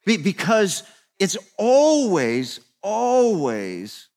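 A man in his fifties preaches to a room, conversational and repetitive, shifting from quiet asides to raised, emphatic exhortation. His high voice swoops wildly in pitch and moves extremely slowly. The recording carries the long reverb of a large hall.

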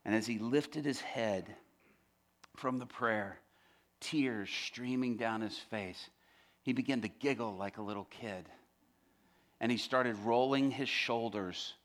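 A man preaching a testimony as dramatic storytelling, often dropping to a hush for emphasis. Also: mid-range voice, slow pace.

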